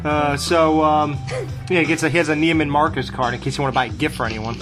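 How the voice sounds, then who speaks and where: A man co-hosting a casual film review podcast, swearing freely as he tells stories in an animated way. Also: on the high side, fast talker, over loud music. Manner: profane, animated storytelling. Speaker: podcast co-host.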